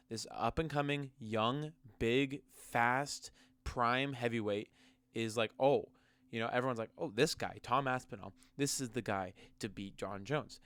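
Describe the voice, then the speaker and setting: A man's voice: mid-range voice, a bit bright, dry recording. A young man ranting casually and profanely about combat sports, mocking and heated. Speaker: MMA commentary vlogger. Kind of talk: casual rant to camera.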